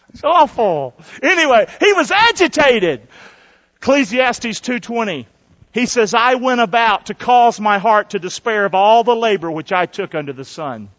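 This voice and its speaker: A man's voice: sits high, fairly bright tone, highs cut off. A male pastor preaching a sermon and calling for responses from the congregation.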